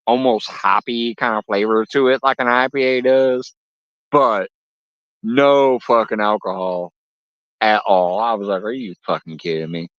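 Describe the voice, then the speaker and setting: A man's voice: medium pitch, a little slow, fairly bright tone, no room sound. Profane, laughing man chatting on a fishing stream. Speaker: fishing livestream host. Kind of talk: casual live chat with viewers. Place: outdoors at a lake. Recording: dull lo-fi audio.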